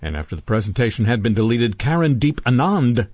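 A man's voice: medium pitch, sing-song, fairly quick, darkish tone, no room sound. A man hosting a radio show, reading odd news items aloud and adding dry, sardonic asides between them. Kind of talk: wry news commentary.

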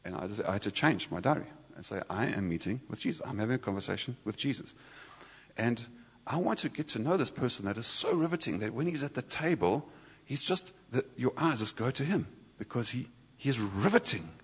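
A man sharing a personal sermon testimony in a church, conversational and halting, with many restarts. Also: mid-range voice, expressive, breathy edge. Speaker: church speaker. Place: church hall. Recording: reverberant church hall.

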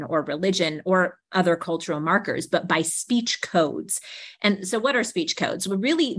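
A woman's voice: lowish voice, fairly bright tone. A woman, a guest expert, explaining her ideas at length in an interview. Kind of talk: interview answers.

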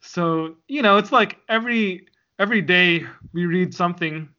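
A man's voice: sits high, moderate pace, pushed and bright. A man co-hosting a podcast in casual chat, rambling and joking with frequent laughs. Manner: rambling, jokey, laughs often. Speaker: podcast co-host. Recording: dull lo-fi sound.

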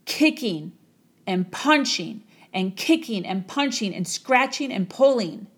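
Slow dramatic woman storyteller. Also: medium pitch, expressive, breathy edge. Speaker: motivational speaker. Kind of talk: storytelling talk.

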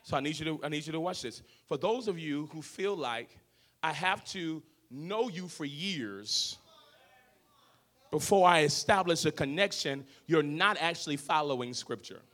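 A man preaching a sermon as pastor of a church, swinging from shouted lines to low, quiet talk. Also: lively intonation, normal speed. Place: church sanctuary.

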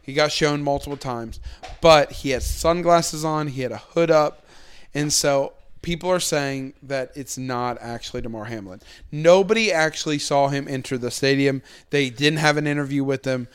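A man's voice: mid-range voice, normal speed, clear, resonant tone. A young man in casual sports chat, joking and telling stories with lots of fillers.

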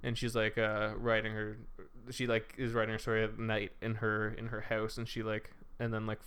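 A man's voice: fairly low pitch, monotone, moderate pace, a bit bright, clear, resonant tone. A man telling a long rambling story on a casual podcast, swearing freely and acting out the characters' lines as he goes. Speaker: podcast co-host.

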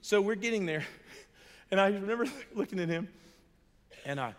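Middle-aged american guy preaching, earnest, kinda high voice, long hall echo on it. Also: expressive, moderate pace. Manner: earnest, emphatic, swings between soft and loud, chuckles as he tells stories. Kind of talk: sermon with personal storytelling. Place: large hall before an audience. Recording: long echoey hall reverb.

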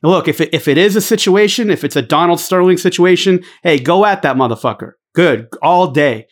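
A man's voice: sits high, brisk. A middle-aged man, a former basketball coach hosting a show, ranting bluntly with heavy swearing and lots of fillers and restarts. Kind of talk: profane casual rant.

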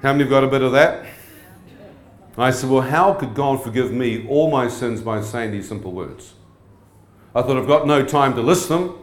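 Male preacher, testimony sermon, humorous, quizzes the audience, roomy church sound. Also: mid-range voice. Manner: humorous, asks the crowd frequent questions. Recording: echoey hall.

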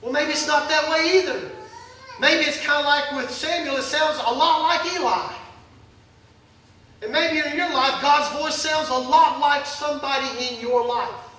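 High bright-voiced folksy pastor, echoey church. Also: male voice, a little slow, far from the mic. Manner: folksy, joking preacher acting out Bible scenes. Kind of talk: sermon. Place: church sanctuary.

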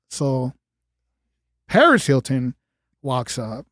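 A man, a guest on a casual podcast, telling a backstage story in a lively way, acting out what people said and swearing freely. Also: medium pitch, slow pace, pauses often, no echo, studio quality. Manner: animated, acts out quoted dialogue, swears freely. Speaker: guest, former stage manager.

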